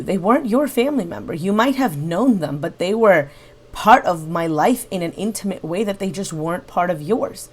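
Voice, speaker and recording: A woman with a slightly low voice gives reaction commentary on a livestream. She builds her critique point by point in an analytical tone. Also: expressive, normal speed, breathy edge. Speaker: reaction channel host.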